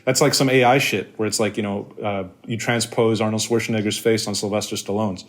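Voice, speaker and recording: A man's voice: fairly low pitch, steady tone, a little fast. A man co-hosting a film podcast, talking in a loose, filler-heavy way with casual swearing. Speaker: podcast co-host.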